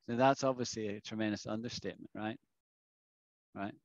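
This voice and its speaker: Lower-voiced man teaching, dull dry sound. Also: brisk, creaky, long pauses, no echo. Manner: explains patiently, often checks with "right?". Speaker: English teacher. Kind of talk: classroom explanation.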